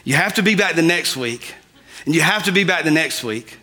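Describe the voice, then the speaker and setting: A man preaching to his congregation in a high, bright voice. He keeps it conversational and speaks to the people straight on. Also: expressive, a little fast. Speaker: pastor. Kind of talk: sermon.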